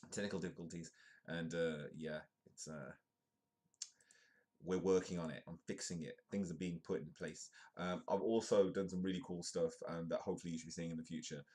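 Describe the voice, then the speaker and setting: A man's voice: low-pitched, a little mellow. A young British man hosting a live-streamed comedy news show, chatty and self-mocking, waffling on between topics. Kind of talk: rambling casual live-stream chat.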